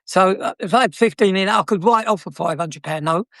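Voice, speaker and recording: Speaking a little fast, this ex-car dealer, an older man with a South London accent, shares anecdotes with cheek and plenty of laughter. His voice sits high with a fairly bright tone, in an echo-free, studio-quality recording.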